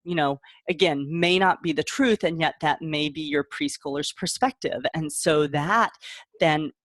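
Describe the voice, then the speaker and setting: A woman's voice: low voice, unhurried, dry recording, studio quality. A middle-aged woman parent coach giving casual advice, chatty and laughing often, now and then acting out a child's voice. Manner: warm chatty explaining, acts out kid voices, laughs often.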